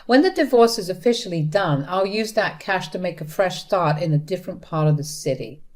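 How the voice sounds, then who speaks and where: A woman's voice: on the low side, lively intonation, fairly quick, a little mellow. A woman narrating a first-person story in a bitter, blunt manner.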